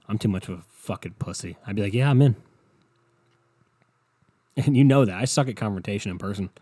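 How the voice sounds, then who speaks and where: Profane rambling podcast guy, dark tone. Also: lowish voice, breathy edge, dry recording. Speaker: podcast host. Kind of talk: solo podcast rant.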